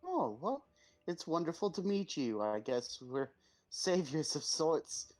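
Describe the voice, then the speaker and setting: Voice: medium pitch, big pitch swings, slow, a little mellow, faint music behind. A player speaking in character, polite and a little hesitant. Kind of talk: in-character roleplay.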